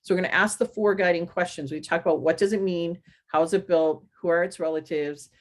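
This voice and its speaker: A woman teacher giving a presentation on a literacy method, spelling out words letter by letter and adding quick asides. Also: on the low side, steady tone. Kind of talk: explanatory presentation.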